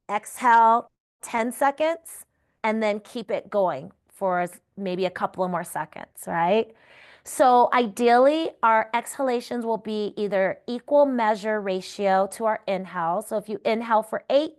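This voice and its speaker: Calm woman teaching breathwork. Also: medium pitch. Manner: calm, encouraging, checks in with "right?". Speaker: yoga therapy instructor. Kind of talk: guided breathing instruction.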